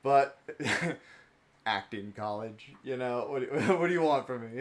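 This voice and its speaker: A man's voice: mid-range voice, expressive, slow pace. A young man chatting casually on his live stream as he opens card packs, rambling and joking about himself.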